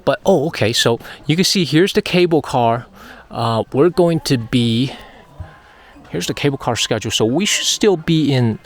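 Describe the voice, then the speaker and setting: Chatty man vlogging on a mountain hike. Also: medium pitch. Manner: chatty, repeats phrases, thinks aloud. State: out of breath while hiking. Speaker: travel vlogger. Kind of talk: walking travel vlog narration. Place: outdoors on a mountain trail.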